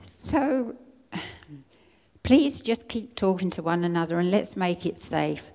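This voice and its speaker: An older woman from England giving an earnest personal testimony at a conference, pleading and halting now and then as she restarts her words. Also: fairly low pitch, animated, vocal fry, darkish tone. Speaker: conference speaker. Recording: long hall reverb.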